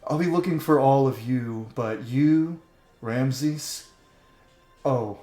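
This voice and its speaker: Cocky villainous dragon knight, put on by a male game master, bright and sneering, echoey room. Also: medium pitch, takes it slowly, soft background music, natural voice. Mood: boastful. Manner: mocking, swaggering. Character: cocky taunting male dragon-rider commander.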